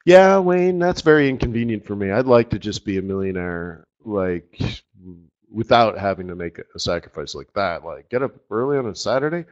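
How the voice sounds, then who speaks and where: A man's voice: lowish voice, lively intonation, moderate pace, a little mellow, muffled recording, pitched below the performer's own voice, close to an everyday voice. A man voicing a lazy, whiny trader who wants easy money. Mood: grumbling.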